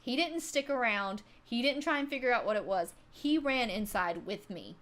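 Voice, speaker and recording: Lively-voiced woman streamer telling a story. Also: fairly high pitch, normal speed. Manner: swears freely and laughs often. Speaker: livestreamer. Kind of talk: casual storytelling to chat.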